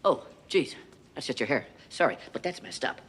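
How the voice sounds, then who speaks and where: A woman's voice: very deep voice, animated, normal speed, fairly bright tone, slight background noise. A blunt, tactless young woman.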